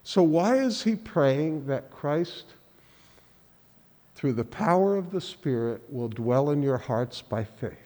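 A man preaching a sermon in earnest, halting speech, often restarting and repeating words. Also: on the high side, lively intonation, mellow, long reverb tail. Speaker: pastor. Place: church sanctuary.

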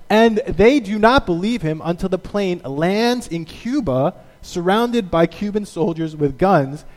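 A man preaching a sermon as a pastor, telling stories in an animated way and acting out the quotes. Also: high-pitched, normal speed, hardly any pauses, big-room sound.

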